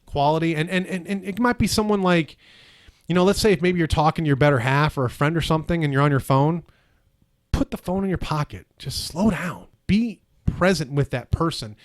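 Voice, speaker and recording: Earnest preachy man, slightly high voice. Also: a little fast. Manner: earnest, preachy, repeats words. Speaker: podcast co-host. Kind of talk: casual podcast chat.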